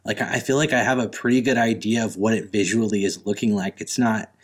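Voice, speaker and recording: A man's voice: lowish voice, fairly even intonation, a little fast. A man co-hosting a podcast, hesitantly thinking aloud about what a movie's story might do. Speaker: podcast co-host. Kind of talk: casual chat, speculating about a movie.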